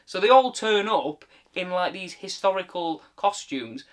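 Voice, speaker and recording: A man's voice: high-pitched, lively intonation, unhurried, fairly bright tone. A British man giving a casual, exasperated film rant, full of swearing and filler words. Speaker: film reviewer. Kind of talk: casual ranting commentary.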